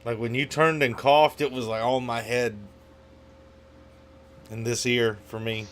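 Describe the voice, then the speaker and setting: A man's voice: mid-range voice, fairly even intonation, unhurried. A man co-hosting a podcast, making wry, offhand remarks in casual chat. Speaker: podcast co-host.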